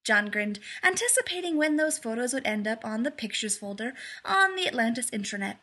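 A woman narrating a fan fiction story aloud in a lively, amused way. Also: fairly high pitch, brisk.

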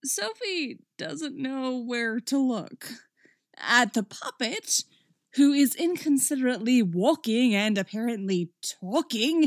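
A woman reads a story aloud with a wry, expressive delivery. Her voice is fairly high and swoops widely, and she takes an unhurried pace. The recording is dry and close. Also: no room sound. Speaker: story reader. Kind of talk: reading fan fiction aloud.

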